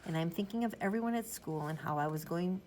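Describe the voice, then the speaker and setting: A woman's voice: lowish voice, quick pace, darkish tone, slight background noise, rough recording. A woman reading a children's storybook aloud in first person, in a chatty, rambling childlike manner. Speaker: audiobook narrator.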